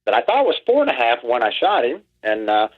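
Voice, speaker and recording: A man from Pennsylvania, a guest on a podcast, speaking by phone in a measured way with many ums. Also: mid-range voice, wildly swooping pitch. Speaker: podcast guest, wildlife outreach director. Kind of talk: casual interview talk. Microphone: phone call. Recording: tinny phone line.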